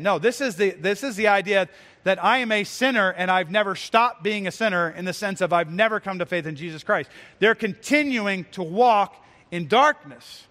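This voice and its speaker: A man's voice: high-pitched, fairly bright tone, long reverb tail. A male pastor preaching an earnest, emphatic sermon with repeated phrases.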